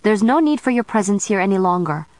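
A woman reading the part of a self-assured female witch who holds a captive, speaking smoothly and matter-of-factly with scorn, in a storybook narration. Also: medium pitch, animated, fast, a little mellow, no echo, pitched above the performer's own voice, lightly acted. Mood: cool scorn.

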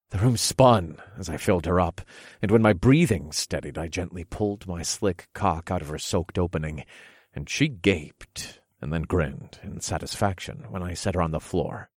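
A man narrating an adult story in the first person, in a low, steady and commanding way. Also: dry recording, clean studio sound.

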